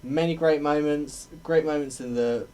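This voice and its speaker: A man's voice: on the high side, fairly even intonation, normal speed, dark tone, clean tone. A young man in drag chatting to a camera at home, reviewing a TV episode in a rambling way, often laughing and correcting himself. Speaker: drag vlogger reviewing a TV show. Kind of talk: casual solo video review.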